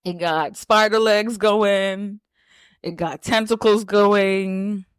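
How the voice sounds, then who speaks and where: A woman co-hosting a podcast, retelling a film scene in a lively, blunt, joking way. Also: medium pitch, takes it slowly, clean tone, dry recording, studio quality. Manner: animated storyteller, acts out characters, blunt and profane. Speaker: podcast co-host. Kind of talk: casual movie recap chat.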